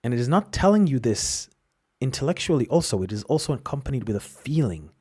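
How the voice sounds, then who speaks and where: A man with a husky, slightly breathy voice talks alone on his podcast. His pitch rises and falls a lot as he works through ideas in a reflective, explanatory monologue and sometimes restarts mid-phrase. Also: big pitch swings, fast talker, dark tone. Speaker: podcast host.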